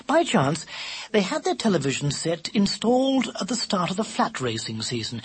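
A narrator reading a children's novel aloud in an expressive, animated storytelling manner. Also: mid-range voice, husky. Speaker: audiobook narrator.

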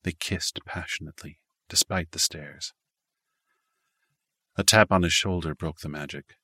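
A man's voice: sits low, measured pace, long pauses, pushed and bright, slightly rough, no room sound, studio quality. A man reading a story aloud as an audiobook narrator, lightly varying his voice for the characters' dialogue. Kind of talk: scripted narration.

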